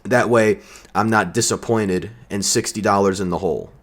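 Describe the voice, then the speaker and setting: A man's voice: fairly low pitch, normal speed. A man delivering a heated, profane and sarcastic vlog rant. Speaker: vlogger. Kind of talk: ranting commentary.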